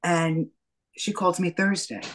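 A middle-aged woman with a lowish voice speaks slowly as an interview guest, telling her story and acting out the dialogue like an animated storyteller. The recording quality is low.

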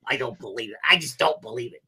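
A man doing a comic impression of a cranky, loudmouthed male parrot sidekick, ranting in an exasperated squawk. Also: mid-range voice, lively intonation, fast talker, slightly rough, voice pushed down, full character voice.

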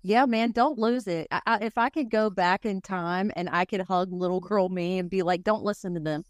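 A woman's voice: mid-range voice, fairly even intonation, normal speed, dry recording, clean studio sound. A woman from North Carolina with a Wilmington accent, hosting a podcast and talking earnestly and emphatically. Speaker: podcast host. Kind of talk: casual conversation.

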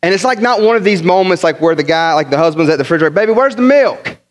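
Man preaching, pastor, from the northern US, fairly high voice, lively, funny stories, repeats himself. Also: racing. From northern United States. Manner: animated, humorous storytelling with many repeated words. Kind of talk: sermon.

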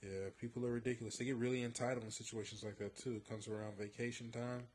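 Husky man chiming in with agreement. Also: mid-range voice, little pitch movement, fast, a little mellow. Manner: agreeing, supportive interjections with slang. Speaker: friend listening. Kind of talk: casual chat.

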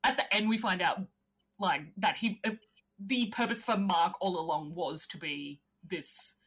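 A woman co-hosting a casual film discussion podcast, recounting scenes in an animated way. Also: lowish voice, measured pace, husky. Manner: animated, laughs often while recounting scenes. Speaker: podcast co-host.

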